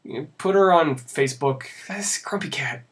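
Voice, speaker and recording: A man's voice: on the high side, normal speed. A young man commenting sarcastically over a visual novel he plays, rambling and laughing at it. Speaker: let's play host. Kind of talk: casual gameplay commentary.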